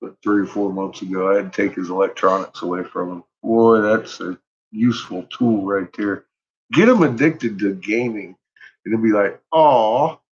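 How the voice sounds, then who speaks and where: A man's voice: lowish voice, normal speed. A middle-aged father telling stories about his son in casual chat, laughing often and swearing freely. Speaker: vlogger, father. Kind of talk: casual storytelling. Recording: dull lo-fi sound.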